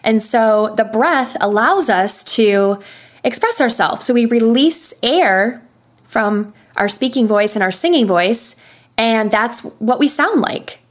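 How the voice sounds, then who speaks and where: A young adult woman voice coach patiently explaining vocal warm-ups in an interview. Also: fairly high pitch, animated, slow pace. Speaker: voice coach and session singer. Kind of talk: instructional interview answers.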